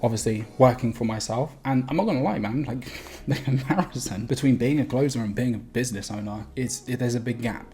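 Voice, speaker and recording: A man talking straight to camera as a sales coach, energetic and emphatic, with quick laughs and casual swearing between phrases. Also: mid-range voice. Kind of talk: direct-to-camera vlog.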